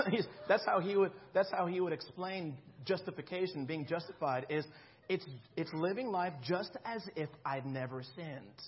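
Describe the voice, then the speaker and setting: A man's voice: sits high, moderate pace, lo-fi sound. A man in his thirties preaching a sermon in a conversational way, often checking in with the congregation. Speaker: pastor.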